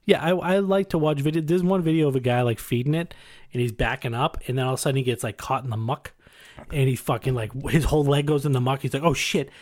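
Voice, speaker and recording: A man's voice: mid-range voice, quick pace, a little mellow. Rambling crude podcast guy. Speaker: podcast co-host. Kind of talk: casual comedic chat.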